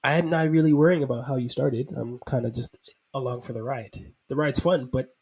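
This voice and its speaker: Husky man, laid-back podcast co-host. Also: medium pitch, fairly even intonation, fairly quick, darkish tone, no echo. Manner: laid-back, joking, runs the rating segment. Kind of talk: casual chat.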